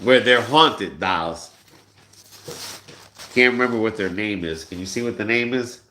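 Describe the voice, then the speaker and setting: A man chatting casually on his vlog, telling an animated story full of swearing and bursts of shouting. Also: fairly low pitch, unhurried, reverberant, a little hiss or hum. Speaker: vlogger.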